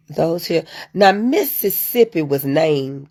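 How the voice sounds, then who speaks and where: A woman's voice: lowish voice, animated, measured pace, creaky, darkish tone, slightly rough. A woman hosting a casual live stream, chatting straight to her viewers and answering their comments. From United States. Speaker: livestream host reading viewer comments.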